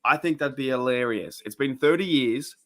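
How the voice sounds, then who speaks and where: Australian man, sports stream host, casual rambling chat, excitable reactions, mid-pitched voice. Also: normal speed.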